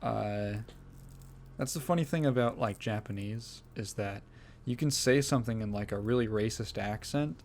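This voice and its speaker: There's slight background noise behind this man's fairly low, darkish voice, which moves at a normal speed. He runs a solo gaming podcast, rambling casually, swearing plenty, and frequently laughing partway through sentences.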